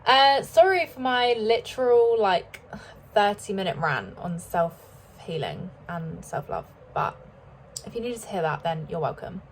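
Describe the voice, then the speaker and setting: A woman's voice: mid-range voice, big pitch swings, unhurried, slight background noise, poor audio. A woman in her twenties, rambling and swearing freely as she chats to camera while getting ready at a mirror at home. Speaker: beauty vlogger. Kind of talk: casual chat to camera.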